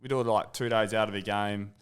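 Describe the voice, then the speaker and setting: A man's voice: on the low side, steady tone, quick pace, smooth. A young Australian man chatting as a podcast guest, telling stories and often laughing. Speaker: guest, club fines master. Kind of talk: casual podcast chat.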